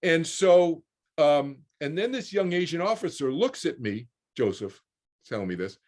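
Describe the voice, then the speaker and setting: A man's voice: fairly high pitch, measured pace. Rambling older man telling a story. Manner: rambling, repeats words and restarts, animated quoting. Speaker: guest speaker. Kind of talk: casual storytelling on a video call.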